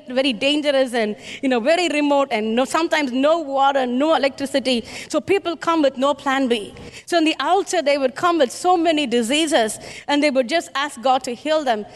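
A woman from India, preaching a sermon with emphatic, repeated rhetorical questions to the congregation. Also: high voice. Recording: reverberant hall.

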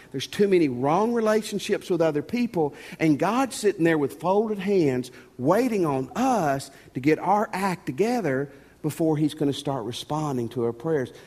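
A man preaching a sermon as pastor, folksy and animated, often repeating words. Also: fairly high pitch, unhurried. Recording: long reverb of a church hall.

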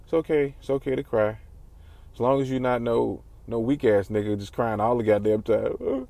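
A man's voice: mid-range voice, expressive, normal speed, creaky, dark tone, no room sound. A man vlogging candidly about his feelings, rambling, swearing, and often restarting his sentences. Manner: rambling, profane, restarts a lot. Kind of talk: candid personal vlog.

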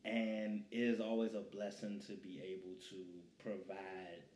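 A man's voice: lowish voice, level tone, unhurried, darkish tone, slight background noise. A man who is the guest filmmaker in an interview, answering in a laid-back, confident way. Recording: roomy echo.

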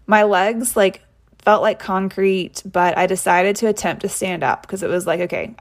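A young woman from Tennessee hosting a podcast, telling a personal story in a casual, reflective way and saying "like" often. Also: medium pitch. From Tennessee, USA. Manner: casual, reflective, heavy use of "like". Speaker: podcast host.

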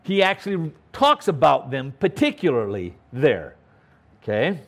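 A man's voice: mid-range voice, very animated, measured pace, fairly bright tone. A man preaching a verse-by-verse Bible teaching sermon, stressing key words and often checking in with "okay?". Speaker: pastor.

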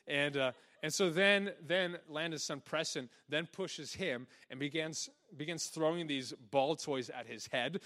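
A young man preaching a sermon, energetic and chatty, laughing often and dropping into a soft low voice to act out quotes. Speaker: pastor.

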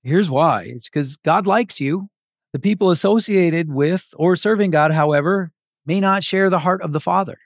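A man's voice: high-pitched, moderate pace, no room sound, clean studio sound. A man preaching a sermon as a pastor, earnest and conversational with casual asides.

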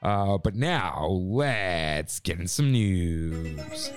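A young man co-hosts a casual podcast, chatting and reading listener emails aloud. His low voice is expressive and extremely slow, with soft music in the background.

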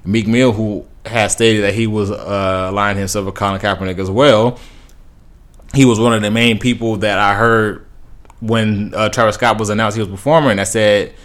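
Rambling man with a low voice. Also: fairly even intonation, moderate pace, a bit bright. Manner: rambling, conversational, many fillers and restarts. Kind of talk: casual opinion commentary.

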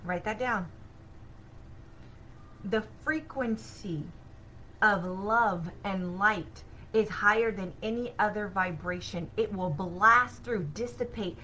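A woman hosting a spiritual self-help podcast, telling a personal story in an animated, excitable way with sudden bursts of energy. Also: medium pitch, takes it slowly, a little hiss or hum, poor audio. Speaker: podcast host.

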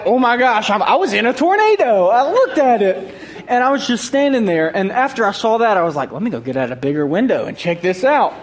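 A man telling a humorous personal story to a group, animated and acting out his own remarks. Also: high voice. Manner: animated, acts out his own quoted thoughts, laughs often.

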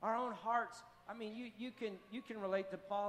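A man's voice: high-pitched, fairly even intonation, normal speed, a bit bright. A pastor delivering an impassioned sermon, driving his points home with repeated declarations. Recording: long hall reverb, faint music.

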